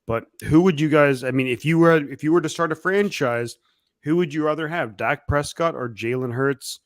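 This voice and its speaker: A man's voice: a little high, normal speed, no room sound. A man on a fan stream who asks a question in casual chat, hesitant and full of fillers.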